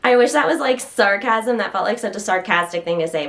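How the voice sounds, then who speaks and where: A woman's voice: medium pitch, fairly quick, few pauses, fairly bright tone. A woman casually chatting to the camera at home while standing, slightly out of breath, rambling and interrupting herself with occasional stutters. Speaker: health vlogger.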